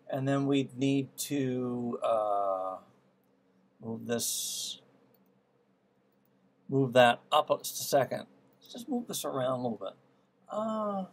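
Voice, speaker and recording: A man teaching music theory, trying out ideas aloud and musing as he works through them. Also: medium pitch. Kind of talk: thinking-aloud music lesson. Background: piano playing.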